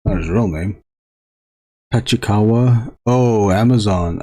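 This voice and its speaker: A man chatting casually to viewers while drawing on a live stream, rambling with frequent halting restarts. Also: on the low side, mellow.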